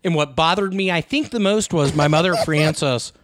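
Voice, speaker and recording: A man's voice: a little high, normal speed, a bit bright, dry recording, studio quality. A man telling a long, profane story in a rambling way during a casual chat.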